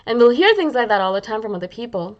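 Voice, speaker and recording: A woman's voice: a little high, sing-song, fast talker, muffled recording. A woman hosting her own video channel, talking casually and self-mockingly to the camera and acting out little quoted asides. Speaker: YouTube channel host.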